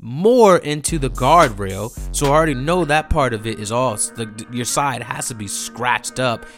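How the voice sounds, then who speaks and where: A man's voice: medium pitch, normal speed, soft background music. A man telling a rambling, profane story in a casual monologue, acting out his friends' lines. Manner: animated, profane, mimics friends in quotes.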